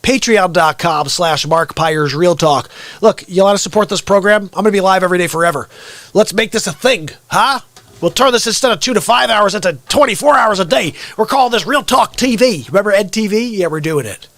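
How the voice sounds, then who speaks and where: A middle-aged man hosting an unscripted live stream monologue, energetic, with sudden loud outbursts and low, quiet asides. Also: fairly quick, dry recording.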